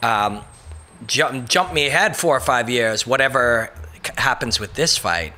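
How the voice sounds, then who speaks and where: A man's voice: mid-range voice, expressive, measured pace, pushed and bright, soft background music. A man hosting a casual motivational monologue, rambling and emphatic, with frequent swearing and brief mocking voices for quotes. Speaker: host.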